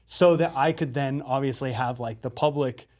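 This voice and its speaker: A man's voice: mid-range voice, normal speed, a little mellow. A man co-hosting a podcast in a casual conversation, candid and self-deprecating, with casual swearing. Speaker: podcast co-host.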